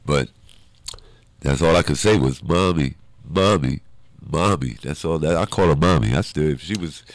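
A man with a strikingly low voice, speaking as an interview guest. He tells a personal story with feeling, slipping into the voices of the people he quotes. The sound is dry and close, with no room around it. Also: quick pace, no room sound. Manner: animated storyteller who acts out quoted voices.

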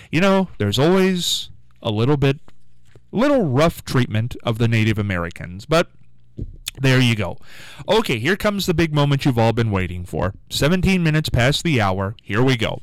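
A man's voice: medium pitch, big pitch swings, moderate pace, no room sound, rough recording. A man hosting a local radio show, telling a rambling story in a chatty, casual way.

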